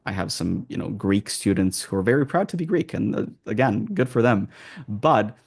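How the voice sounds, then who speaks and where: Answering interview questions, an accent coach offers advice with a gravelly, low-sitting voice. He stays calm and measured, frequently stopping to restart what he's saying.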